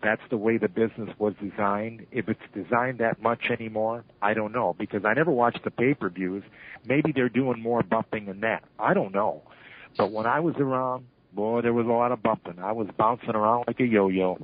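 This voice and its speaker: A man's voice: lowish voice, moderate pace, husky. Older man telling stories over a tinny phone line. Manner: animated storyteller who acts out shouted quotes. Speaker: retired wrestling referee, interview guest. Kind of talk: storytelling interview.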